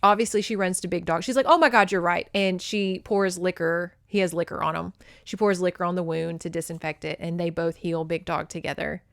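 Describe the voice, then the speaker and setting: A woman's voice: fairly low pitch, fairly even intonation, fairly quick, creaky, no room sound, clean studio sound. A woman hosting a podcast, recapping a romance novel in a chatty, profane way with lots of fillers. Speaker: podcast host. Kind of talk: casual book recap.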